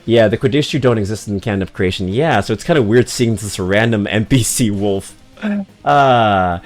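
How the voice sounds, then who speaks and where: A man's voice: lowish voice, moderate pace, soft background music. A man streaming a game, rambling through casual, slangy commentary with swearing and self-mocking asides.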